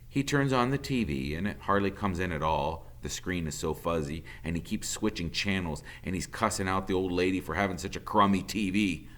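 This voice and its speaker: A man's voice: low voice, fairly bright tone. A male teacher reading a novel aloud in a plain storytelling voice.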